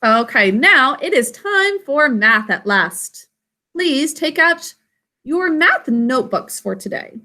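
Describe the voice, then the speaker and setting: A woman's voice: high voice, big pitch swings, takes it slowly, pushed and bright. A woman teacher giving a spelling lesson, explaining patiently step by step and encouraging her students. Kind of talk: classroom instruction.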